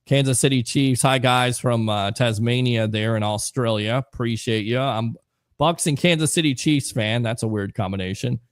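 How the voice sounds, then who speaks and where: A man hosting a casual sports talk stream, rambling through fan comments and trade talk. His voice sits at an ordinary pitch and comes across close and dry, with no room sound. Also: normal speed, no echo. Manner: reads viewer comments aloud, chatty and loose. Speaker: host.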